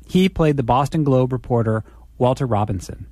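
A man's voice: medium pitch, moderate pace, dark tone, no echo, clean studio sound. A man reporting a radio feature, asking conversational, probing questions in an interview.

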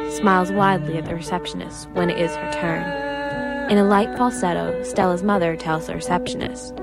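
Low-voiced woman reading a story. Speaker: narrator. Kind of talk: dramatic prose reading.

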